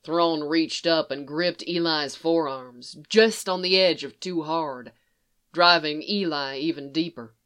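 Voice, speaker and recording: A narrator reading fan fiction aloud in a slow, even, unhurried way. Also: mid-range voice, smooth. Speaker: audiobook narrator.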